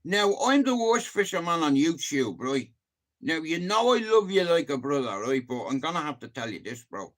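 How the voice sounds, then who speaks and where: A Dublin Irish man chatting casually on a live stream, telling animated stories and swearing freely. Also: on the high side, moderate pace.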